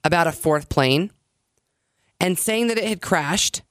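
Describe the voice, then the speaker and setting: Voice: mid-range voice, expressive, measured pace, a bit bright, dry recording, studio quality. A podcast co-host thinking a theory through aloud, often checking that the other agrees. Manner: thoughtful, reasoning aloud, seeking agreement. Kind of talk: casual podcast conversation.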